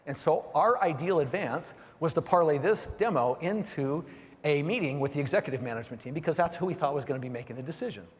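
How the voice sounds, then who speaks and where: A middle-aged man giving an energetic keynote on sales, often checking in with the audience by asking "right?" and "okay?". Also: a little high, fast. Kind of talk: motivational keynote presentation. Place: large conference hall. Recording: long hall reverb.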